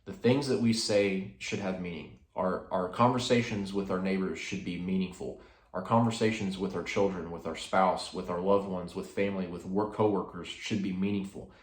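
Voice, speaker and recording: A man's voice: deep voice, steady tone, moderate pace, reverberant. A man hosting a casual devotional talk, speaking in a rambling way with many fillers and restarts. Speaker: host.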